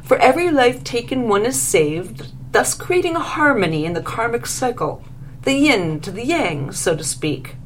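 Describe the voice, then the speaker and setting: A man's voice: very high voice, very animated, normal speed, slight background noise, voice pushed up. A woman voicing a grandiose, formal male vampire master in a read-aloud story. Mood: lecturing. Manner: formal, pompous.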